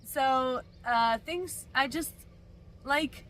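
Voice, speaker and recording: Chatty woman vlogger, high voice. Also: drawn-out words, a bit bright, a little hiss or hum. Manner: chatty, rambling, many fillers and restarts. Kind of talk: casual vlog chat. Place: camper van.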